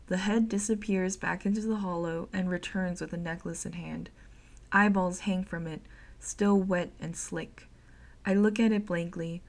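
A woman narrating a first-person horror story in an expressive, dramatic way. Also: fairly low pitch, measured pace.

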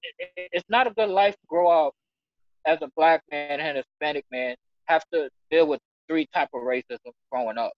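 A man giving an emotional personal testimony in conversation, earnest and halting, stumbling over restarts and near tears. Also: on the high side, no room sound, muffled recording. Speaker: church member sharing his story.

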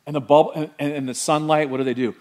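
A middle-aged man pastor preaching an animated sermon and quizzing the congregation with questions. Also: fairly high pitch, fast talker.

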